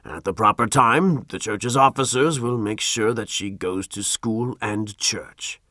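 A man's voice: on the low side, a little slow, pushed and bright, dry recording, clean studio sound. A man doing a stern, commanding governor. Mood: decisive. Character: pompous colonial governor, stern and judgmental.

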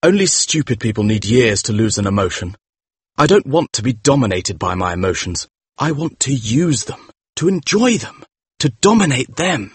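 A man's voice: medium pitch, sing-song, normal speed, slightly rough, dry recording. An actor playing a vain, secretive young man who is defensive and cold, in a dramatized audiobook. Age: young adult. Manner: defiant and emotional.

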